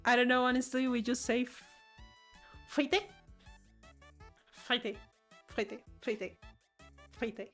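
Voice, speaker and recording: A woman's voice: fairly high pitch, flat delivery, slow pace, pauses often, a bit bright, soft background music. A woman streamer, chatting casually and playfully, reading chat aloud and giggling often. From Latin America. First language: Spanish.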